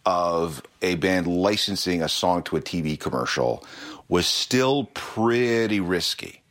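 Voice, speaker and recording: Low, animated male interviewer, casual and agreeable. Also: unhurried. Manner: prompting questions, agreeable.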